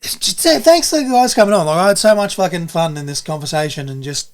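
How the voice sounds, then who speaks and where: An Australian man with a slightly higher voice hosts a podcast on a close pod mic. He talks in a loose, rambling way, circling back on his own words and dropping in the odd swear. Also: animated, fast talker. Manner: rambling, repeats himself, swears casually. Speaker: podcast co-host. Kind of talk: casual chat.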